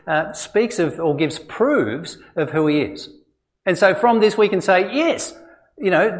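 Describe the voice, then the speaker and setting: An Australian man preaching a sermon in a church in a conversational way, with frequent fillers and restarts. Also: on the high side. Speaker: pastor.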